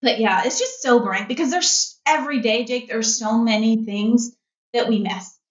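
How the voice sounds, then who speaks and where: A woman's voice: a little high, moderate pace. A middle-aged woman guest telling a personal family story in an earnest, candid way, with many fillers. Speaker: podcast guest, mother. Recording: roomy, dull-sounding audio.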